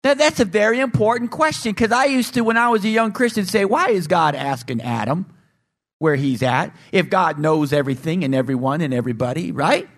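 A man's voice: sits high, brisk, creaky. A man preaching a sermon, putting questions to the congregation and acting out the voices of the people in his story. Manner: animated, acts out voices and asks the congregation questions.

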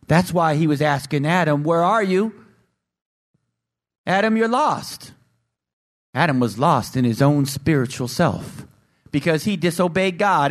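A man's voice: on the high side, moderate pace. A man preaching a sermon, putting questions to the congregation and acting out the voices of the people in his story. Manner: animated, acts out voices and asks the congregation questions.

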